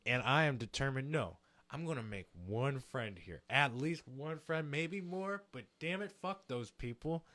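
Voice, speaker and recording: A young man casually telling a long story on a podcast, animated and swearing, acting out quotes in other voices. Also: medium pitch, a little slow, few pauses, dry recording.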